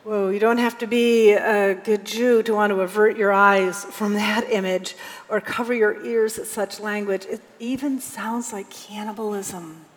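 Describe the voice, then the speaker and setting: A woman's voice: mid-range voice, steady tone, measured pace. A woman pastor giving a sermon in a conversational preaching style, now and then reading scripture aloud with emphasis. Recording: long hall reverb.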